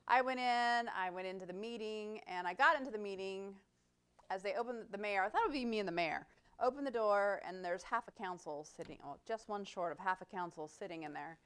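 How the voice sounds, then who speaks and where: A middle-aged woman, telling an animated, self-deprecating story about her career as a city manager to a club. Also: mid-range voice, clear, resonant tone. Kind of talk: storytelling talk.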